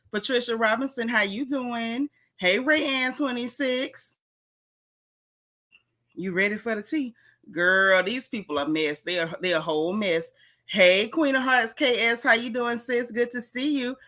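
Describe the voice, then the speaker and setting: A woman from Florida, hosting a casual livestream and talking fast and sassily to her viewers. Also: on the high side, bright, forceful tone. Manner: fast, sassy, talks straight to viewers. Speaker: livestream host.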